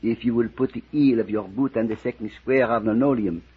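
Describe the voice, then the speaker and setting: A stiff, icily courteous gangster waiter in an old radio drama, every word laid out formally. The voice is breathy and husky, and the recording is dull and muffled like an old radio broadcast. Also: male voice, mid-range voice, brisk. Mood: menacing polite. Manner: stiff, formal, repeats "gentlemen". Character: coldly polite male gangster waiter with a gun. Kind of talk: 1940s radio acting.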